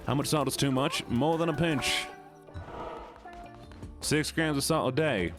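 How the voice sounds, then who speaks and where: A man streaming a game and chatting casually with his audience, goofy and playful, slipping into a put-on southern drawl and deep joke voices. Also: big pitch swings, moderate pace, faint music behind. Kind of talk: casual chat with a live stream audience while gaming.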